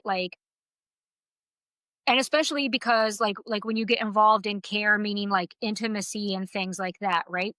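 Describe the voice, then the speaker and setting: A woman co-hosting a book podcast in casual chat, an animated storyteller who swears freely. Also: mid-range voice, no echo, poor audio. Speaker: podcast co-host.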